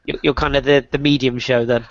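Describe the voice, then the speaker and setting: A man's voice: medium pitch, little pitch movement, dry recording, muffled recording. A man hosting a casual football podcast over an online call, with a cold, joking and laughing easily. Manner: jokey, quick to laugh. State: has a cold. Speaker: podcast host.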